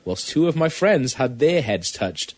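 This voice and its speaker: A man co-hosting a comedy podcast, talking casually and giggling as he goes. His pitch moves a lot. His voice has a husky grain. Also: big pitch swings, measured pace. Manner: chatty, giggly. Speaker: podcast co-host.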